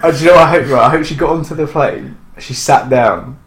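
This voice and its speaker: A man's voice: mid-range voice, very animated, fast, roomy sound. A man chatting in casual banter, sweary and incredulous, with lots of disbelieving rants. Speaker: podcast co-host.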